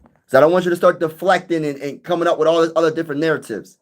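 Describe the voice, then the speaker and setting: Young male sports streamer, casual, animated, talks right to his chat. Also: a little high, quick pace. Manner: animated, chatty, reads out and answers viewer comments. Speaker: sports channel host. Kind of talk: casual livestream sports talk.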